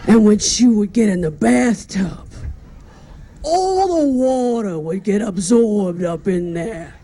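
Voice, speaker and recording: A woman doing a slow, lower-pitched impression of a grieving man telling a crude eulogy. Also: expressive, warm tone. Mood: mock grief. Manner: drawn-out, halting delivery with pauses.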